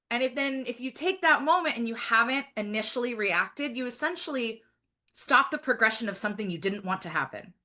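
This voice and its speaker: A woman's voice: fairly high pitch, animated, fairly quick, pushed and bright. A woman guest on a podcast, talking earnestly and reflectively in casual chat, with frequent fillers.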